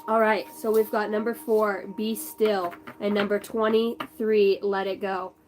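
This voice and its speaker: A woman's voice: mid-range voice, flat delivery, measured pace, darkish tone, soft background music, rough recording. A young woman in a rambling, chatty vlog, doing a spiritual card reading and talking casually, with the odd swear word. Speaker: spiritual channel host.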